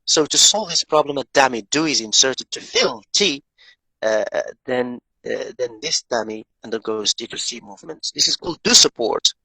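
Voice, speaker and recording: A man's voice: medium pitch, animated, moderate pace, sharp tone, husky, no room sound, rough recording. A male professor lecturing on grammar, explaining step by step, often repeating himself and quizzing his students. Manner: asks students questions.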